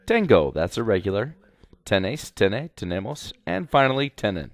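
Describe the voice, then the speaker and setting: A man's voice: fairly low pitch, very animated, moderate pace, no room sound. A man teaching a grammar lesson slide by slide, speaking instructively and repeating directions to students. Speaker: Spanish teacher.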